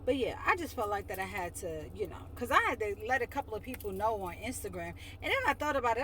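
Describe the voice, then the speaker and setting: A woman's voice: mid-range voice, sing-song, fast talker, few pauses, a bit bright, slight background noise. A woman from New York with a New York accent, ranting bluntly to camera, swearing freely and sounding exasperated. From Westchester, New York. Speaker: vlogger. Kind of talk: casual rant to camera.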